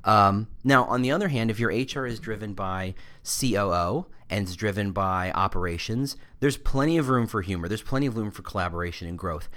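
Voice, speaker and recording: A man with a fairly low voice hosts a podcast in a loose, casual monologue. He talks in an opinionated, conversational way, trailing off and restarting as he goes. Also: fairly quick, hardly any pauses, fairly bright tone. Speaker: podcast host.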